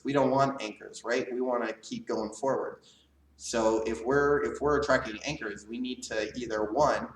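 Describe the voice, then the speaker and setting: Guy teaching a leadership class, casual coaching tone, keeps asking right?, sounds a bit far off in a roomy echoey space. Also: medium pitch. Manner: casual coaching tone, asks "right?" often, varies volume. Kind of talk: live online class lecture.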